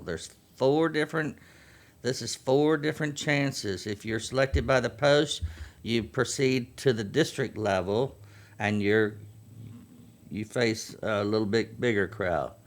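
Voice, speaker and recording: Man, 50s, veteran chaplain guest; low, earnest explainer. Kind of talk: radio interview.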